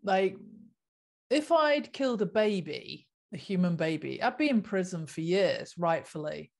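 Slow-talking earnest woman vlogger. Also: on the low side, big pitch swings, creaky. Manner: earnest, repetitive, rhetorical questions. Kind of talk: impassioned casual monologue.

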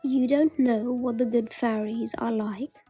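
Storybook water sprite, a cunning male pond spirit who quizzes passersby, slow and husky as a woman reads him. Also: on the high side, fairly even intonation, warm tone, faint music behind. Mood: questioning. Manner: testing, questioning.

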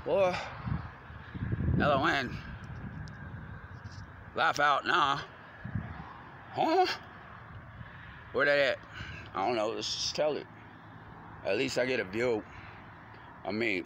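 A man's voice: mid-range voice, bright, forceful tone. A grown man talking in a rambling, slangy stream of consciousness, full of rhyming wordplay. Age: adult. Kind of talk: rambling freestyle monologue. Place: outdoors on a front porch at night. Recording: noisy outdoor recording with traffic.

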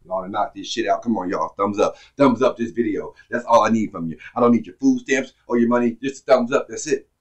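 A man hosting a reaction video, talking casually and excitedly, repeating himself and stopping to replay lines. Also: on the low side, brisk, few pauses, recorded from a distance. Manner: hyped, repeats himself, keeps rewinding the track.

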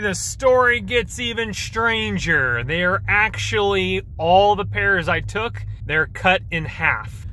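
A man vlogging outdoors while dumpster diving, chatty and excitable, thinking aloud to the camera. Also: sits high, slight background noise. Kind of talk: casual vlog narration while dumpster diving. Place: outdoors by apartment complex dumpsters.

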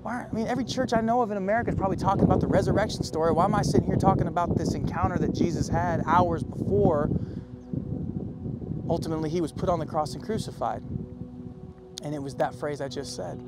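Animated male pastor preaching over music. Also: high-pitched, fast. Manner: animated, emphatic preaching with acted quotes. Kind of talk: sermon.

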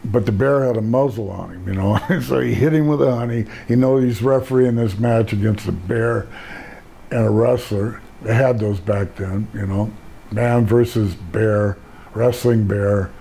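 A man's voice: on the low side, steady tone, unhurried, vocal fry, mellow, slightly rough. An older man, a retired pro wrestler, telling rambling laid-back stories in a casual interview and laughing at his own jokes.

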